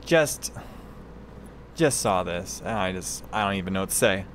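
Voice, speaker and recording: A man's voice: deep voice, animated, normal speed, a little hiss or hum. A man ranting incredulously and sarcastically while reacting to news clips, exasperated and mocking.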